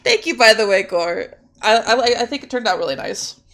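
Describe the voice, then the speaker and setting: A woman's voice: a little high, normal speed, fairly bright tone. A young woman chatting casually while she draws on stream. She giggles and swears freely. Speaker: streamer and artist.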